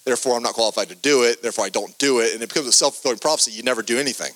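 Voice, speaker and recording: A man preaching a podcast sermon, earnest and animated, reading scripture with emphatic stress and loose restarts. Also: mid-range voice, rapid-fire, poor audio.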